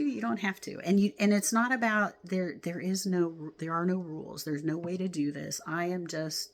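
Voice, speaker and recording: A woman with a low, deep voice leads a spiritual class at a slow, unhurried pace. She talks gently and from the heart, letting out sighs and soft laughs as she reflects on oracle card guidance. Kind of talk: reflective spiritual talk, reading from oracle cards.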